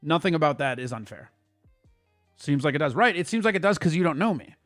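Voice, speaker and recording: A man hosting a casual livestream, ranting at his chat in a quick, profane and heated way. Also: on the high side, animated, a bit bright, dry recording, faint music behind. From Italian heritage. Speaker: streamer host.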